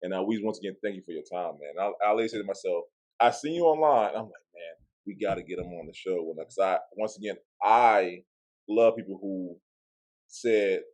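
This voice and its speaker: A man with a somewhat low voice hosts a casual podcast interview. He talks loosely and easily, with slangy phrasing and frequent laughs. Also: fairly quick, darkish tone. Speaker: podcast host.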